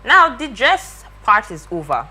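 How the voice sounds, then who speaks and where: Bright-voiced young woman storyteller. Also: fairly high pitch, a little slow, husky. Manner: lively, acts out quoted voices. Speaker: guest. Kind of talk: animated storytelling.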